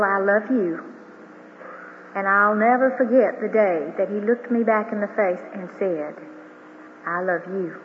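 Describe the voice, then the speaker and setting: A woman's voice: mid-range voice, slight background noise. An older woman giving an earnest religious testimony as a grandmother, speaking before a large audience in a hall. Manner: earnest, heartfelt storytelling. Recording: tinny broadcast of a hall with reverb.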